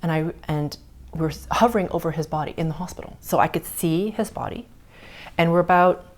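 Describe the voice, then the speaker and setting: Podcast host, woman, middle-aged, low-pitched, earnest storyteller who slips into soft whispers. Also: a little fast. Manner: earnest, drops to soft whispers at tender moments. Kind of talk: personal storytelling on a spiritual podcast.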